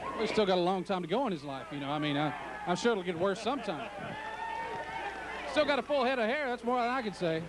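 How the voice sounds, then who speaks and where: A man calling a wrestling match play-by-play, excited and joking. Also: sits high, fast, long pauses, a crowd in the background, background noise. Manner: excited, joking, shouts at big entrances. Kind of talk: play-by-play commentary.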